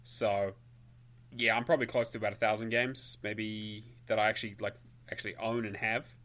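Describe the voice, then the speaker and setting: A man's voice: on the low side, level tone, moderate pace, fairly bright tone. A man co-hosting a gaming podcast, talking in a casual, rambling way with frequent restarts. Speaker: podcast co-host. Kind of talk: casual chat.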